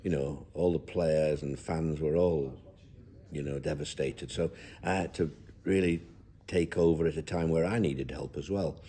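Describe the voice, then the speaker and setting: Low, husky older man reminiscing. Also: steady tone, measured pace, dark tone. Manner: down-to-earth, rambling with many restarts. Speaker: football manager guest. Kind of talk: reflective interview chat.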